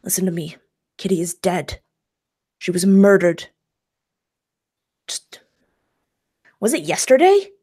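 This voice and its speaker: A woman playing an intense, hushed inspector. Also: lowish voice, very animated, slow pace, long pauses, slightly rough, full character voice. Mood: urgent. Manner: urgent, hushed and pressing. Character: intense male police inspector, pleading.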